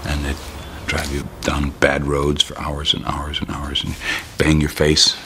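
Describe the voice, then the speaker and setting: A man's voice: rumbling low, completely flat delivery, unhurried, very noisy. A man vividly and emphatically retelling how he was transported as a hostage. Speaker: former hostage interviewee. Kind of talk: interview recollection.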